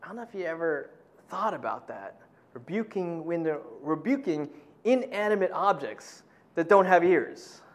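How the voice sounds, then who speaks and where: A middle-aged man preaching a sermon in a conversational way, full of "you know", who acts out quotes in a loud, high voice. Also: very animated, moderate pace. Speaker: pastor.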